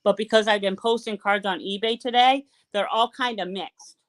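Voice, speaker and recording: Excitable woman with a Boston accent. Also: mid-range voice, moderate pace. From Boston, USA. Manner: excitable, chatty, swears casually. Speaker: caller guest. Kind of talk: casual live chat.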